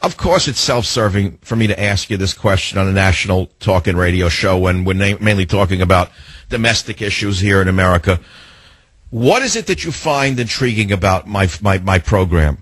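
Talk radio host guy, opinionated and rambling, a bit husky, dry close mic. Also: deep voice, lively intonation, a little fast, fairly bright tone, no echo.

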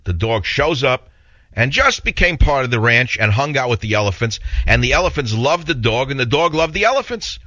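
A man's voice: on the low side, sharp tone, no room sound. A man hosting a radio talk show, telling stories in a rambling, indignant way and taking calls. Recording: dull lo-fi radio broadcast.

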